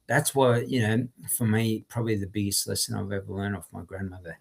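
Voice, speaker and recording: A man, a podcast guest, talking in an animated, emphatic, motivational way and often restarting his sentences. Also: fairly low pitch, brisk, gravelly, husky. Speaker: podcast guest, former criminal turned entrepreneur.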